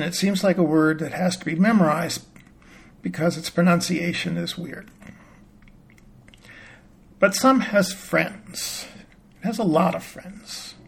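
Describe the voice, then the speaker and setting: A man calmly explaining a word's spelling and pronunciation in a patient, plain-spoken teaching manner. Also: high-pitched, creaky, breathy edge. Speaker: reading teacher. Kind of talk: explanatory lesson.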